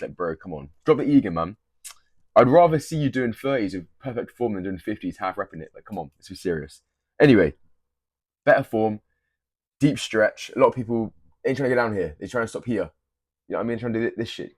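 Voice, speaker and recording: A man's voice: on the low side, expressive, normal speed, a little mellow, dry recording. Blunt, swearing young man. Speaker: fitness creator. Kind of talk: casual gym tips to camera.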